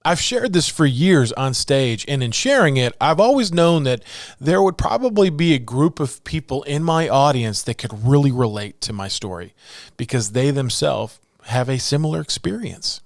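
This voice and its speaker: A man's voice: mid-range voice, expressive, moderate pace, no echo, studio quality. A motivational speaker, a man, talking in an earnest way with light jokes.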